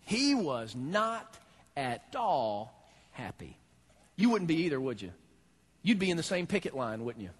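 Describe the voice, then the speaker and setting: A male pastor delivers a sermon in a church with a husky, slightly rough voice. His pitch sits high for a man and leaps around with expression. He keeps pulling the congregation in with direct questions. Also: normal speed. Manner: animated, talks straight to the congregation.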